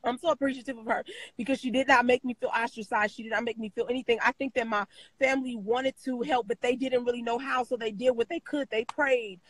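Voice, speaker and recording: Woman guest, high voice, dry close sound; emotional personal testimony, repeats herself, lots of "you know", voice breaks into tears at times. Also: fairly even intonation, fast, no echo, rough recording. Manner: emotional, repeats phrases, many fillers. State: crying at times. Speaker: interview guest.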